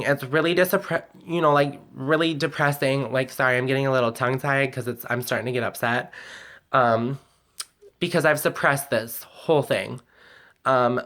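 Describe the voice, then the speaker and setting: A man's voice: medium pitch, fairly bright tone. A man telling a personal story in a confessional vlog, candid and emotional, rambling with many "like"s and the odd swear word. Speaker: vlogger.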